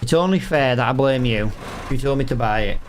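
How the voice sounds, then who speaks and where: A man's voice: medium pitch, a little fast, background noise. A man giving casual, chatty gameplay commentary and talking to his viewers. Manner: chatty, exasperated, talks to viewers. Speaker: gaming streamer.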